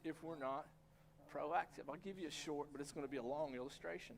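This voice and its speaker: A man's voice: on the high side, fairly quick, creaky, a little hiss or hum. A middle-aged man, preaching a sermon in a church and acting out his own reactions as he tells stories. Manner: animated storytelling, acts out his own reactions. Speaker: pastor. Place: church sanctuary.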